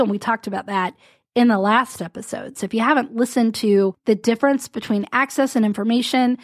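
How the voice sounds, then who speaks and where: A woman hosting a casual solo podcast as a business coach, talking in a chatty, rambling way with small laughs and quick asides. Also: a little high, dry recording, clean studio sound. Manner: chatty, rambling, self-interrupting with little laughs.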